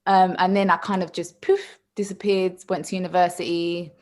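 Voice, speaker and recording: A woman, a podcast guest who tells animated stories in casual chat and laughs often. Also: lowish voice, normal speed.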